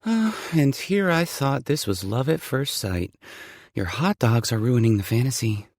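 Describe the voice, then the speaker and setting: A man reading an audiobook, voicing a playful, teasing woman with a dry, deadpan wit. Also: medium pitch, unhurried, no room sound, voice pushed up.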